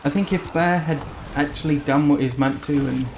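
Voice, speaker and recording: A man's voice: fairly high pitch, moderate pace, slight background noise. Chatty man commenting on a strategy game. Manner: relaxed, chatty, speculative. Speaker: gaming channel host. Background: game music.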